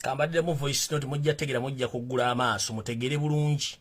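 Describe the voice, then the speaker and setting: A man with a husky voice giving heated, scolding commentary that builds to emphatic outbursts. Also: mid-range voice, steady tone, fast, a little hiss or hum.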